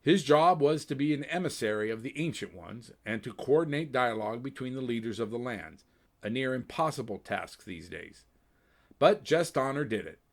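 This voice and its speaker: A man narrating a storybook tale with an expressive, animated reading. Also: medium pitch.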